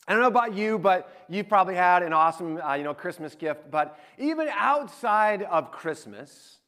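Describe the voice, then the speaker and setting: A pastor in his forties with a high-pitched voice delivers a sermon in a chatty, animated storytelling way. He acts out the quotes as he talks.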